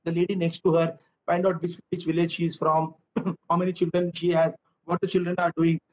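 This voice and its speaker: A man in his fifties with an Indian English accent, a children's author giving a jokey, animated storytelling talk. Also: a little high, a little fast. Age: 50s. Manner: animated, jokey, acts out dialogues and voices. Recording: dull lo-fi online talk audio.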